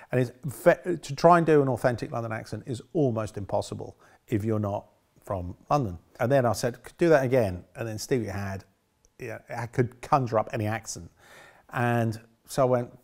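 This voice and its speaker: In a reminiscing interview, a middle-aged film director looks back on making a film, rambling and correcting himself as he goes. His creaky voice sits in the mid-range, and he speaks at a normal speed.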